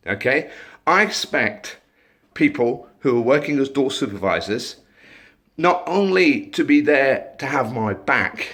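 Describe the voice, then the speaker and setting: Blunt, swearing door supervisor. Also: male voice, medium pitch, fairly bright tone. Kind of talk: blunt rant to camera.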